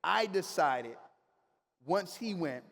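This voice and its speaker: Speaking slowly in a high, gravelly voice, this motivational speaker fires up a live audience with an energetic, preachy talk. The large hall carries a long reverb, and he uses slang and gets the crowd to echo his words.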